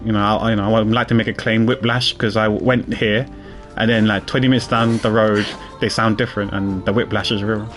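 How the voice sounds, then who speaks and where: A man's voice: on the low side, little pitch movement, brisk, a bit bright, faint music behind. A man streaming a game, chatting casually in a rambling way, repeating his words and chuckling. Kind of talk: casual gameplay commentary.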